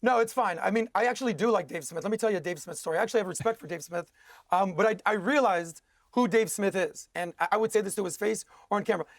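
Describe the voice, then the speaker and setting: A man's voice: sits high, quick pace, no room sound. A man arguing as a guest in a heated TV debate, combative and sarcastic.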